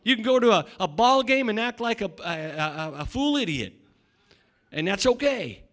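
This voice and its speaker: A middle-aged male pastor preaching a sermon, swinging between loud shouting and quiet asides, often repeating words and restarting. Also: sits high, very animated, normal speed.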